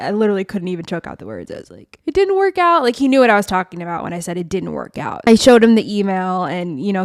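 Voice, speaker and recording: A woman's voice: medium pitch, no room sound, studio quality. A woman hosting her own podcast, telling a personal story in a candid, chatty way, full of "like" and "literally". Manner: chatty, confessional, with frequent 'like' and 'literally'. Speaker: podcast host. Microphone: podcast microphone.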